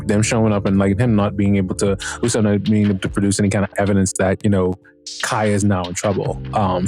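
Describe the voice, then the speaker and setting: A man's voice: fairly low pitch, a little mellow. A man hosting a podcast, giving a casual solo review of a TV series, rambling with lots of fillers, restarts and swearing.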